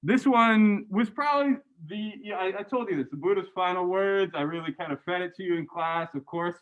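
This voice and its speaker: Animated lecturer man, dull lo-fi sound. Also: high-pitched, fairly quick. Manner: animated, chatty, frequent "right?" tags. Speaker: university religious studies lecturer. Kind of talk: lecture reviewing graded answers.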